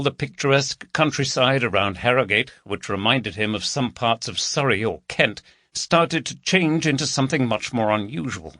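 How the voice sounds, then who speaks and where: Steady male audiobook narrator, bright tone, dry read. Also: mid-range voice, dry recording.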